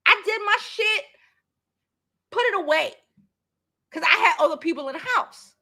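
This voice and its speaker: Woman vlogging at home, high bright voice, laughing and cussing while telling stories. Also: normal speed. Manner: animated, laughing, swearing, reacting to chat. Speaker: vlogger host. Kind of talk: casual storytelling vlog. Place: apartment in a large city.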